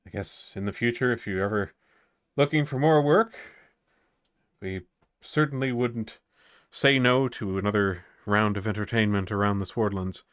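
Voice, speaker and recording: A man's voice: lowish voice, normal speed, fairly bright tone, natural voice. Man doing an earnest, grateful old townsman. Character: kindly older male townsman, grateful and warm.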